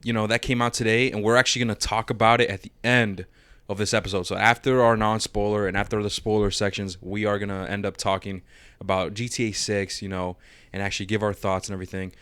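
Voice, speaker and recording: A man's voice: lowish voice, flat delivery, quick pace, a bit bright, smooth, no echo. A young man hosting a casual podcast, laid-back and slangy, reading through plugs and calling his listeners "guys". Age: young adult. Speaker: podcast host.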